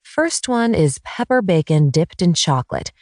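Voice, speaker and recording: A woman's voice: lowish voice, big pitch swings, normal speed, a little mellow, no room sound, studio quality. A woman reading as a chatty young mother in an audiobook, speaking eagerly and explaining.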